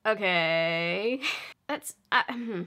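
A woman's voice: medium pitch, drawn-out words, pushed and bright. A young woman vlogger giving casual, sarcastic film commentary, joking and laughing often.

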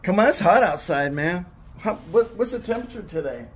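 Gentle coaxing dad. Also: male voice, sits high, expressive, brisk, slight background noise. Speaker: father. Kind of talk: casual family vlog chat.

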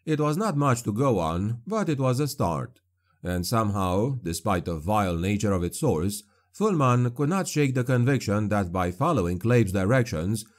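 A man reading a dark fantasy audiobook in a grave, measured narration. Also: on the low side.

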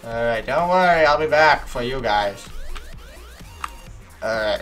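A man giving animated let's-play commentary, yelping and talking back to the game's characters as he plays. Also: mid-range voice, moderate pace, faint music behind. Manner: animated, yelps at game characters. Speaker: gaming YouTuber.

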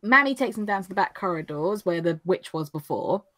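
A woman, recapping anime episodes in casual chat, chatty and quick to laugh. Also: lowish voice, expressive, pushed and bright. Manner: chatty, laughs often, acts out lines in funny voices. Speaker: podcast co-host recapping anime.

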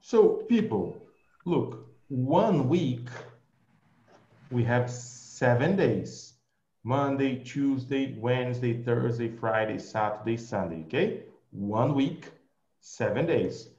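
A male English teacher with a Brazilian Portuguese accent leads an online group class, speaking slowly and patiently and repeating his praise. His mid-range voice is animated and mellow. The recording is reverberant, with the highs cut off.

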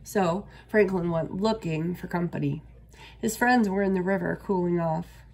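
A woman reading a children's picture book aloud as a storyteller, steady and expressive. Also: fairly low pitch, normal speed, gravelly, a little hiss or hum.

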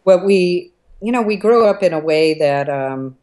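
A middle-aged woman from Southern California, an entrepreneur telling anecdotes in a casual interview, animated and laughing often. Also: lowish voice, a little slow.

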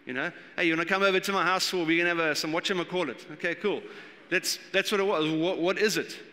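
A man preaching a sermon as pastor, animated and acting out the voices he quotes. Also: high-pitched, fast. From South Africa. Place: church hall. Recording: long church hall reverb.

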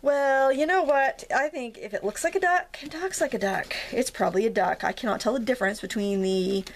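A woman's voice: medium pitch, expressive, a little fast, a little hiss or hum. A woman from Maine with a Maine accent, hosting a casual craft tutorial in a chatty, jokey, self-deprecating way.

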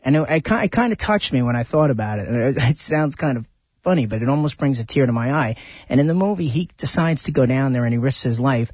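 A man's voice: mid-range voice, expressive, quick pace, breathy edge, dry recording, dull audio. A man hosting a radio show, chatting casually and rambling through film stories.

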